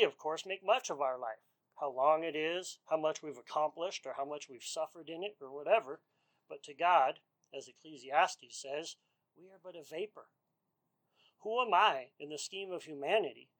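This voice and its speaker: Male preacher, earnest and measured, somewhat higher voice, sermon delivery. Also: a bit bright, rough recording. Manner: earnest, measured, rhetorical questions. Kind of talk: expository sermon.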